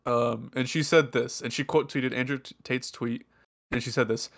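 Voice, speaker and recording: A man's voice: mid-range voice, steady tone, moderate pace, gravelly, a bit bright. A man hosting a podcast in casual chat, laughing often and asking listeners to agree. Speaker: podcast host.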